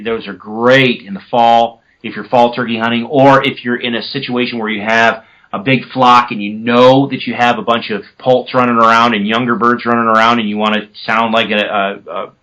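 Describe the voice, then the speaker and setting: A man's voice: mid-range voice, bright, forceful tone, rough recording. A man casually explaining turkey calls on a podcast, now and then mimicking yelps with his own voice. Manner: conversational, self-correcting.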